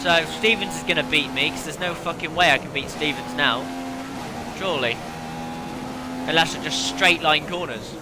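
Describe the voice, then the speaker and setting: A man's voice: a little high, normal speed. A man hosting a racing game video, ranting and swearing in frustration. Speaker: gaming channel host. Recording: game engine noise behind voice. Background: racing car engine noise.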